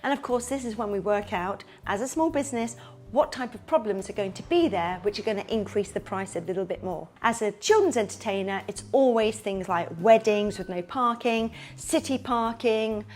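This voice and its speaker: A woman's voice: medium pitch, moderate pace. A woman giving casual business advice, jumping into comic voices for pretend phone calls. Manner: lively, switches into comic voices. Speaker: kids party entertainer and business coach.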